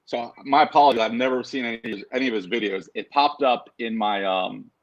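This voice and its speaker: A man's voice: medium pitch, fast, dull audio. A man joining a casual interview as the guest over a video call. He talks in an easygoing way, with lots of fillers and easy laughs. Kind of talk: casual chat.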